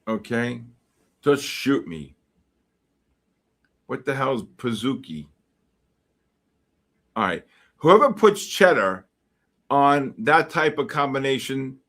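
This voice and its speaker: A man's voice: medium pitch, a bit bright. A middle-aged man hosting a livestream, chatting casually and reacting to comments with joking exasperation. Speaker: livestream host. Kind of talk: casual chat reading live comments.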